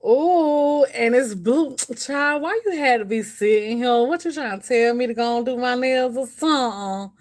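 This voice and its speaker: A woman's voice: a little high, moderate pace, few pauses. Chatty woman livestreaming to her viewers. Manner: chatty, rambling, talks straight to viewers. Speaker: livestream host. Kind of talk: casual chat with live viewers.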